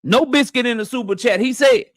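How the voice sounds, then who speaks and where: High-voiced man hosting a live stream. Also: brisk, no echo, clean studio sound. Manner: loose, profane, shouting out viewers by name. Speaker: boxing live-stream host. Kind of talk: casual live-stream chat. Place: home office.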